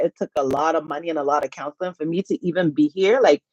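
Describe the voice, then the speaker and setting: A middle-aged woman, hosting a casual live-stream chat, animated and laughing often. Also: lowish voice, brisk, hardly any pauses, no room sound, dull audio. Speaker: HR YouTube channel host. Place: home.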